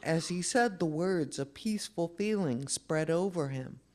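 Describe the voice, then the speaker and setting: At a memorial service, a reader with a mid-range voice reads a children's story aloud, slowly and expressively.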